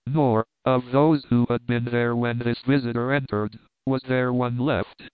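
A man's voice: mid-range voice, fairly even intonation, unhurried, clear, resonant tone, dry recording. Man narrating a classic novel, tinny sound. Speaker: audiobook narrator. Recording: tinny phone-like audio, dry.

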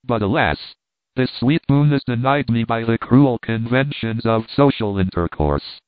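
A tender, sentimental young woman murmuring softly and low, put on by a male reader. The sound is tinny and narrow, like a phone line, with no room. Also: expressive, unhurried, clear, resonant tone, no room sound, lightly acted. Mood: wistful. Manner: soft, murmured, lower than the narration.

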